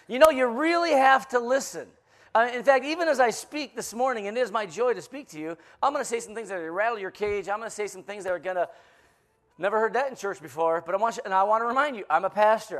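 High-voiced joking pastor man. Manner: playful, teasing, animated storyteller. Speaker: guest pastor. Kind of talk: joke-filled sermon.

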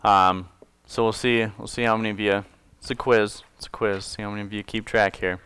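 A steady, fairly quick, lowish male voice, fairly bright and smooth, carries a pastor's casual sermon. He reads scripture to the congregation, explains it in a joking, conversational style, and corrects himself at times.

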